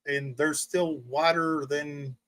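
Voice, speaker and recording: Sitting indoors in a rolling recliner, a man streams in a slightly high, level, somewhat bright voice at a slow pace, recorded dry. He mocks someone in a profane rant punctuated by frequent laughter.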